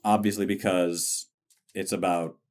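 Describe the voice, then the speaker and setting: Man, podcast co-host, low voice, casual rambling chat. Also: little pitch movement, a little slow, darkish tone. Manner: chatty, rambling, breezy.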